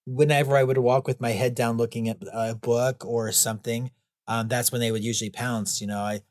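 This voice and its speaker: Here a man with a medium-pitched, slightly mellow voice delivers his words flatly and a little fast, recorded dry with clean studio sound. He's a guest clown and author in a relaxed interview, rambling along with frequent chuckles and plenty of "you know" fillers.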